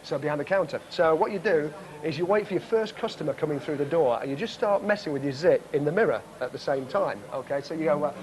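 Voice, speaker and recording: A man's voice: on the high side, animated, fast, hardly any pauses. A man hosting a comedy magic show, talking to camera and to passers-by in cheeky, chatty, joking street patter outdoors.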